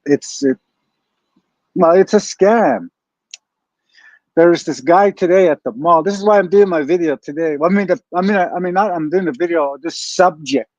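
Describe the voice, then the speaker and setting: A man's voice: a little high, a little mellow, dry recording. A man rambling through a profane story to his viewers, often saying "you guys", on a dull lo-fi recording. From Canada. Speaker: streamer. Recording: dull lo-fi dry sound.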